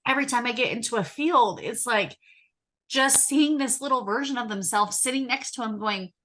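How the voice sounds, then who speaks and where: A woman in her thirties, a hypnotherapist and inner child healer, talking earnestly and emotionally in casual conversation, slowing down on key words. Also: fairly high pitch, bright, forceful tone.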